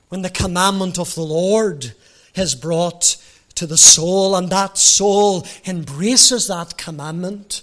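A male preacher delivers a gospel sermon in a high, measured voice. He speaks slowly and deliberately, then swells into loud, fervent emphasis. He is heard from a church pulpit. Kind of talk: evangelistic sermon.

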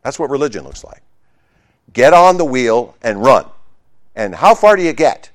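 A man preaching a sermon, emphatic and conversational, swinging between loud exclamations and hushed asides, with humorous remarks to the congregation. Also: mid-range voice, very animated, moderate pace, dry recording, studio quality. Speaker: pastor.

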